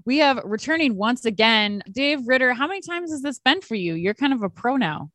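A woman's voice: on the high side, lively intonation, fairly bright tone, dry recording. Teasing woman podcast host. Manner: teasing, brisk. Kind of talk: casual podcast hosting.

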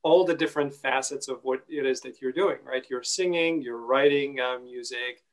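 A man's voice: medium pitch, fairly even intonation, poor audio. Easygoing male interviewer. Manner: easygoing, long rambling questions with many pauses. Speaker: interviewer and actor. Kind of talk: interview questions.

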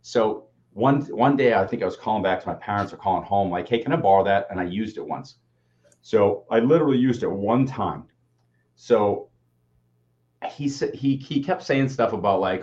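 A man co-hosting a casual show, telling a story in an animated way, swearing and acting out quotes. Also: on the low side, normal speed. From Boston area. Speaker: co-host. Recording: dull lo-fi audio.

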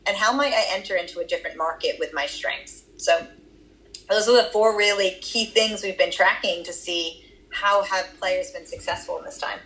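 A woman's voice: medium pitch, normal speed, fairly bright tone, rough recording. A woman with a Boston accent answering interview questions about her research, explaining at length with occasional fillers. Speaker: research guest.

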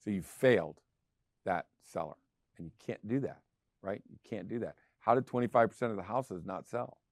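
A man's voice: lowish voice, normal speed, a little mellow, dry recording, clean studio sound. A middle-aged man hosting a real estate show, talking casually and driving his points home with emphatic repetition. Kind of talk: casual talk show monologue.

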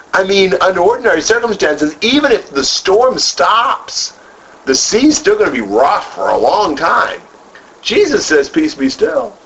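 A man leads a group Bible study at an unhurried pace, his pitch rising and falling widely as he quizzes the group and builds on their answers. The recording is muffled and lo-fi, with a faint hiss underneath. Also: fairly bright tone. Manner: asks the group questions, then repeats and expands on their answers. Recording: dull lo-fi room recording with faint noise.

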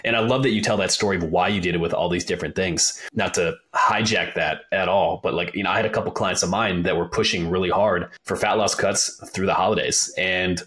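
Podcast host, man in his thirties, low voice, quick and opinionated, casual filler-heavy delivery. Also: steady tone, fairly bright tone. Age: 30s. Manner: emphatic, opinionated, frequent "like" and "you know". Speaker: podcast host and fitness coach.

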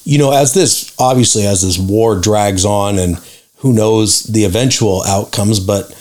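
A man hosting an interview, asking thoughtful, measured questions. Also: on the low side, darkish tone. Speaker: interview host. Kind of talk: conversational interview.

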